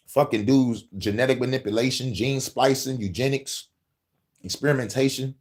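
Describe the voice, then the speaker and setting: A man hosting a podcast, delivering profane, animated conspiracy commentary and laughing often. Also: medium pitch. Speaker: podcast host.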